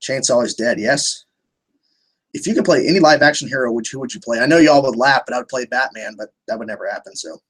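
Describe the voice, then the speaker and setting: A young male livestream host talks fast in a medium pitch, his voice a bit bright and husky. He rambles through viewer questions casually, restarting sentences and swearing freely.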